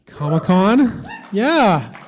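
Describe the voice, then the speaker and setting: Man from the Philippines, stand-up comic, slightly high voice, dry offhand delivery, loose with fillers. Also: very animated, drawn-out words, slight background noise. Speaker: stand-up comedian. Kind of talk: stand-up comedy set. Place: convention stage before a crowd.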